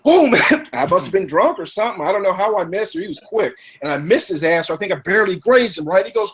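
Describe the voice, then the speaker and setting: A man telling a rowdy story in casual chat, animated and profane, acting out what others said. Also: sits high, fast, hardly any pauses.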